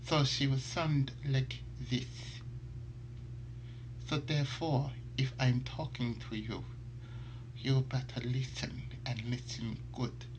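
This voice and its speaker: A man voicing a sultry, commanding woman mob boss with a soft, breathy voice and a slight lisp. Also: mid-range voice, level tone, slow pace, a little hiss or hum, poor audio.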